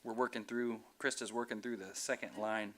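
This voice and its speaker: A man's voice: lowish voice, flat delivery, fairly quick, fairly bright tone. A man teaching a Hebrew class, patient and explaining with examples and light jokes. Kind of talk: online class instruction.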